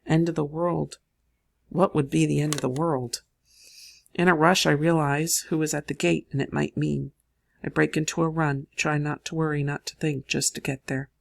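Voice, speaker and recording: Narrator, raspy texture, slightly high voice, measured first-person audiobook read. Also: male voice, flat delivery.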